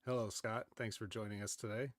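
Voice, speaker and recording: A man's voice: lowish voice, steady tone, brisk. A man co-hosting a casual wrestling podcast, giving short, dry replies and greeting guests. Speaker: podcast co-host.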